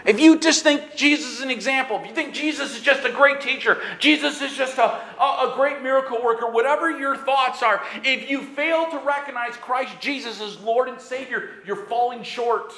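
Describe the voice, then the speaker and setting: A man preaching a sermon in an animated way, sometimes raising his voice and acting out quick bits of dialogue. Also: extremely high pitch, roomy sound. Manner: animated preaching with bursts of shouting; acts out dialogue in quick asides. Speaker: pastor.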